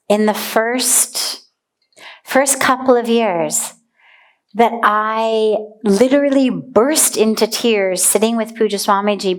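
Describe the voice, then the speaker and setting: A woman spiritual teacher speaking to her followers. Her voice sits fairly high, and she takes her time, giving weight to each word in a deliberate, earnest delivery. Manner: slow, deliberate and earnest, dwelling on single words.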